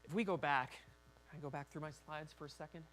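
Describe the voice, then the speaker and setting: A man's voice: on the high side, fairly even intonation, quick pace, fairly bright tone. A man preaching a sermon as a pastor in a church, talking conversationally and acting out quoted voices.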